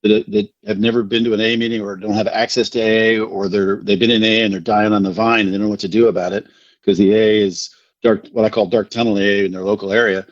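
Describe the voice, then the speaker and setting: A man's voice: lowish voice, fast, no room sound. Rambling storyteller man, dry dull sound. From New Jersey. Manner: rambling, animated anecdotes with self-deprecating laughs. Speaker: podcast guest, recovery speaker. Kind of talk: casual storytelling.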